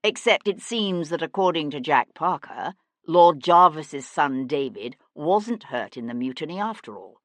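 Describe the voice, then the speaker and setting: A woman narrator voicing a sharp male nobleman detective who questions in a cool, needling way. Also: sits low, expressive, a little slow, no room sound. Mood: probing.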